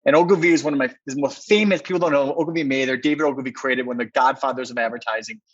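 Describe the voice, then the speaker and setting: A man, a podcast guest, telling a story with excitement in a rambling, conversational way, full of fillers. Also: medium pitch, very fast, slightly rough, lo-fi sound. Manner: excited, rambling, heavy use of "like".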